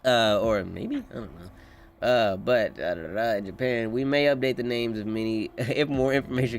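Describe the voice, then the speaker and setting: A man's voice: mid-range voice, big pitch swings, moderate pace, soft background music. A man streaming a live reaction, chatting loosely with swearing, reading chat aloud and laughing often. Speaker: streamer reacting to a manga chapter.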